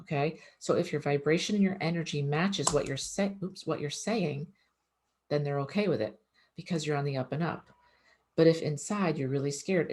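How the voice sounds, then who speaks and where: A woman's voice: sits low, a little mellow. A woman, an animal communicator, giving casual advice in an earnest, conversational way that often repeats itself.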